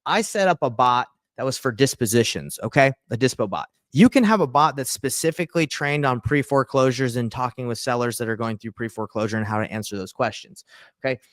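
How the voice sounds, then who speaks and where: An upbeat man hosting a casual tutorial, chatty and quick, speaking straight to his viewers. His voice sits at a middling pitch. The recording is dry, with no room echo. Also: lively intonation, fairly bright tone. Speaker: real estate wholesaler teaching viewers.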